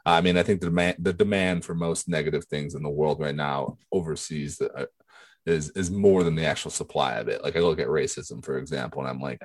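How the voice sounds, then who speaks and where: Very deep-voiced man chatting on a podcast. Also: a little fast, no room sound. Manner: rambling, with many restarts and self-corrections. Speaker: podcast co-host. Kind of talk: casual podcast chat.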